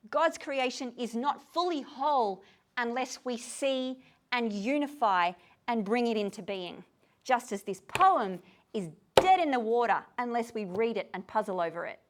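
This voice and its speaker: A tired woman leading a poetry discussion, asking her audience lots of questions in an informal lecture to a room of people. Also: fairly high pitch. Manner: animated, asks the audience many questions.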